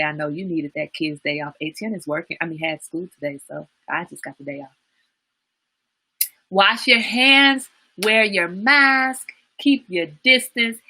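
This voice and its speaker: Bright lady hosting a live stream, chatty and animated, talks right to her viewers. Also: low voice. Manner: animated, chatty, reads out viewer comments and laughs often. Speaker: livestream talk show host.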